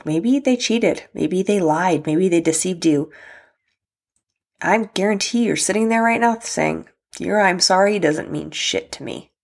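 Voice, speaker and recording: A woman's voice: medium pitch, vocal fry. A young adult woman hosting a solo podcast, talking candidly and casually about apologies and relationships, with fillers and the odd swear word. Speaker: podcast host.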